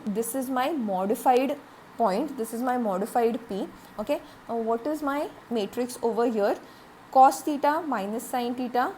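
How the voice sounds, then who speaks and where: Woman lecturing, higher voice, lots of okay and uh, faint hiss behind. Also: a little mellow. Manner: explanatory, repeats points, frequent "okay" and "uh". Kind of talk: recorded classroom lecture.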